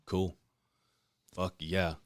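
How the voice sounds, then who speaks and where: A young man, a podcast co-host, tells a story in casual chat, cursing freely and animatedly acting out what people said. His voice is deep and very slow, captured in clean studio sound with no echo.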